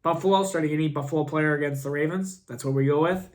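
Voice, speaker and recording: A man with a fairly high voice gives casual fantasy football picks while sick with a cough. He rambles, restarts his sentences and jokes at his own expense. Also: fast talker. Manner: rambling and self-deprecating, with frequent restarts. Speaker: fantasy football channel host. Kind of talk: casual advice vlog.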